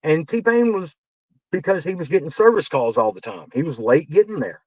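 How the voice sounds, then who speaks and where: Man, podcast guest, animated storytelling, heated, swears, higher voice, dry sound. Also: normal speed, husky, dry recording, poor audio. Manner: animated, acts out quoted dialogue, gets heated and swears. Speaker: podcast guest, wrestling veteran. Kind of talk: casual storytelling.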